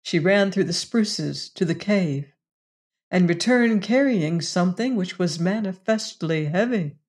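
A woman narrating an audiobook in a measured, deliberate storytelling manner. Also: fairly low pitch, animated, darkish tone. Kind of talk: scripted narration.

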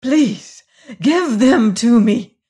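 A man's voice: high voice, animated, slow, a little mellow, heavily acted. A narrator voicing a cringing, blackmailing male servant who pleads with tremulous eagerness and turns silky. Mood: pleading, angry. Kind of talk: audiobook character reading.

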